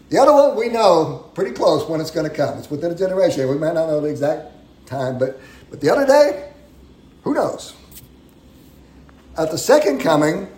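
Guy preaching a bible lesson, kinda high voice, echoey church room, chatty and pushes hard on key lines. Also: darkish tone. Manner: conversational, repeats words, emphatic on key phrases. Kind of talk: sermon teaching. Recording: roomy echo.

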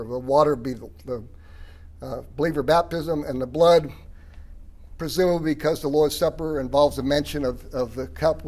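A man preaching a sermon, explaining a passage in a relaxed, conversational way and often clearing his throat. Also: a little high. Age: 30s or older. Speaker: pastor. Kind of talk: sermon teaching.

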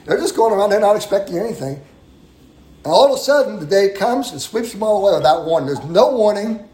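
A man's voice: high voice, expressive, fast, warm tone. A man preaching a sermon, teaching verse by verse in a conversational way, stressing key phrases and often repeating words. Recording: roomy echo.

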